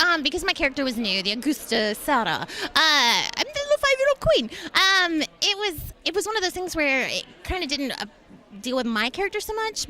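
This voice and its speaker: A woman's voice: a little high, pushed and bright. A woman in her thirties, a voice actress talking enthusiastically in a convention interview. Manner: bubbly and enthusiastic. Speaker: voice actress and guest.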